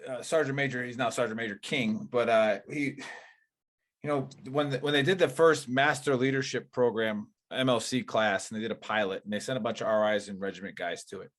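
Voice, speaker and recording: A man's voice: medium pitch, brisk. A man hosting a casual veterans' podcast, talking in a rambling, profane way with many fillers and restarts. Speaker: podcast host.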